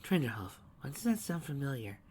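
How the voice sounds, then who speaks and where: A man's voice: mid-range voice, sing-song, brisk, darkish tone, slight background noise, pitched above the performer's own voice, natural voice. A man voicing an earnest, somewhat impatient teenage girl who asks questions with mild exasperation. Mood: questioning.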